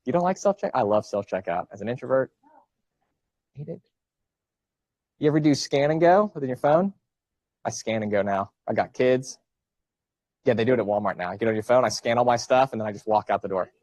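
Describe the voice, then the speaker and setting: A man's voice: mid-range voice, animated, brisk, long pauses, darkish tone, dry recording. Joking man lecturing a class. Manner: casual, joking, asks the class questions. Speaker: college professor. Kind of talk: classroom lecture with student banter.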